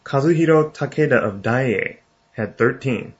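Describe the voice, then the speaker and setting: A man hosting a casual baseball chat, talkative and quick to laugh. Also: mid-range voice, expressive, slightly rough, highs cut off. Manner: chatty, laughs easily. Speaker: podcast host.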